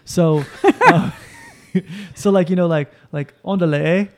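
A man's voice: sits high, huge pitch swings, takes it slowly. A man co-hosting a podcast, telling stories in a loose, rambling way. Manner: rambling, lots of restarts and laughs. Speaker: podcast co-host. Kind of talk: casual podcast banter.

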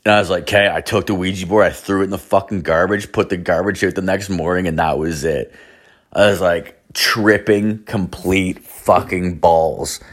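A man's voice: sits low, fairly even intonation, fairly quick. Rambling, swearing young Canadian man. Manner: rambling, swearing, acts out quoted lines. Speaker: storyteller. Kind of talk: casual profane storytelling.

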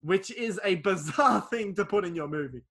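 Guy, high and bright voice, sweary casual film-recap podcast host. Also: lively intonation, normal speed. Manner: swears freely, acts out quoted lines.

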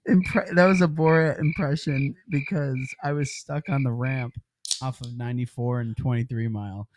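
A man's voice: medium pitch, steady tone, normal speed, background noise. A man who produces a podcast, easygoing and self-mocking in casual chat.

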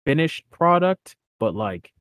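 A man's voice: a little high, very animated, slow pace, dry recording, narrow, tinny audio. A young man in casual chat, laid-back and slangy, leaning on filler words.

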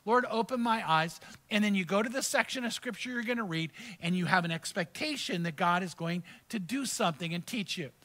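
A man's voice: high-pitched, lively intonation, brisk, few pauses, sharp tone. A male pastor preaching a sermon, reading verses aloud and teaching through personal stories in a conversational way.

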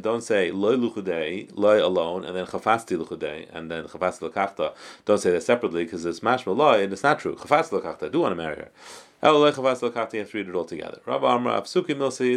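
Deep-voiced man teaching Talmud. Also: animated, fast talker, creaky. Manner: reads the text aloud and translates each phrase, with restarts and self-corrections. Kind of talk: line-by-line Talmud class, reading and translating.

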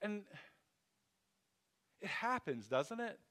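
A man's voice: high-pitched, big pitch swings, slow, fairly bright tone. A man preaching a sermon in a loose, conversational way, thinking aloud with restarts and asides. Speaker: pastor.

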